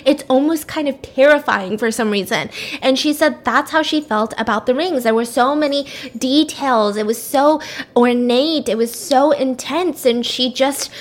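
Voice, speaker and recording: A woman host casually retelling a dark story on a podcast, chatty and full of fillers. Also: high voice. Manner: chatty, many "like" fillers, quick asides.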